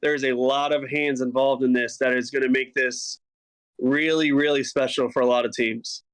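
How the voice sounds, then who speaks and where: An esports team guest chats earnestly over a video call, tending to ramble as he thanks his host. His voice sits at a plain middle pitch for a man. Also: steady tone, normal speed, fairly bright tone, smooth, rough recording. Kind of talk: casual interview chat.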